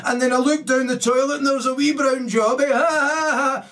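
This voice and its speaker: Man impersonating a rowdy Scottish comic: high, cackling, crude. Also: fairly even intonation, quick pace, fairly bright tone, distant mic. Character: loud crude male Scottish stand-up comic.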